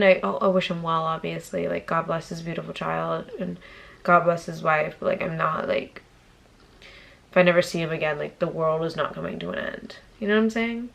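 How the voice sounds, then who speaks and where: Woman, young adult, from Massachusetts, YouTuber. Gravelly, profane storyteller with whispered asides. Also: sits low, a bit bright. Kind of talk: casual storytime vlog.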